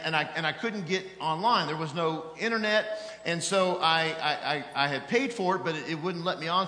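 A middle-aged man preaching as an evangelist, telling a story in an animated, self-mocking way that swings from loud exasperation to hushed tones. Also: a little high. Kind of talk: sermon storytelling. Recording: echoey hall with long reverb.

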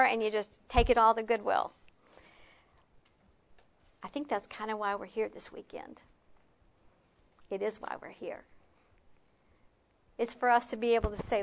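A woman giving a conversational Bible teaching at a retreat, with self-mocking asides, slowing and softening on key points. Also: fairly high pitch. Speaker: retreat speaker.

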